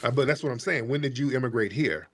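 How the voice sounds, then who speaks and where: A man hosts a live call-in talk show at a middle pitch. He talks emphatically and repeats his lines over and over to hammer each point home. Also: fast, a little hiss or hum. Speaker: host.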